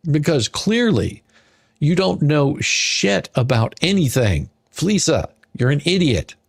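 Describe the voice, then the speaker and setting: A man's voice: a little high, big pitch swings, takes it slowly, creaky, no echo, studio quality. A man reading a court filing aloud and ranting at it, exasperated, sarcastic and insulting. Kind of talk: ranting commentary.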